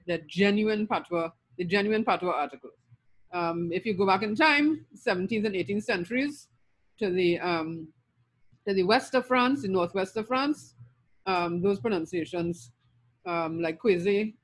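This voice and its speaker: In a recorded linguistics lecture, a middle-aged woman from Trinidad, speaking with a Trinidadian accent in a medium-pitched voice, steadily works through a list of terms. Her delivery is sprinkled with frequent ums.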